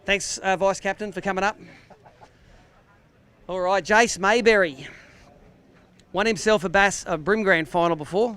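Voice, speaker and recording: A man's voice: sits high, unhurried, long pauses, fairly bright tone, smooth. An Australian man emceeing a live fishing weigh-in outdoors by a lake, with jokey, upbeat banter. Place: outdoor lakeside weigh-in stage.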